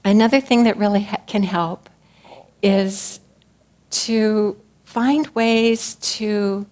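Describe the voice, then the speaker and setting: A woman giving a personal spiritual talk to her community, speaking in a gentle, earnest, reflective manner. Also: mid-range voice.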